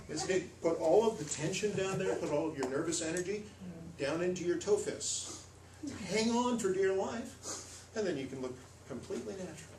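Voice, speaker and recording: A man's voice: a little slow, far from the mic, background noise. Playful American man in an echoey room. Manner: lively, playful, demonstrative, swings pitch and pace for effect. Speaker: storytelling workshop presenter. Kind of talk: live workshop talk to an audience. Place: hall with a live audience.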